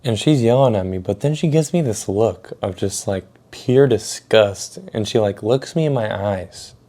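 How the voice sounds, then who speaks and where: A man's voice: on the low side, moderate pace, warm tone. Rambling, cursing young man telling a story. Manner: rambling, swears a lot, heavy filler words. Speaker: storytelling vlogger. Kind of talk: casual storytelling.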